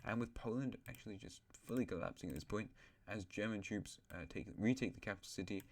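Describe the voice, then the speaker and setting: Very low male voice, casual map narrator, rambles and corrects himself mid-sentence. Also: quick pace. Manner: rambling, self-correcting, joking asides. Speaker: host of a map series.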